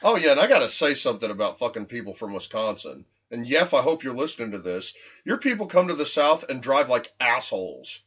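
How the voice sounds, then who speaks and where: A man's voice: mid-range voice, fairly quick, few pauses, slightly rough. A man co-hosting a podcast, ranting and swearing freely in casual banter. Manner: profane, ranting, animated. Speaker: podcast co-host. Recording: muffled lo-fi podcast audio.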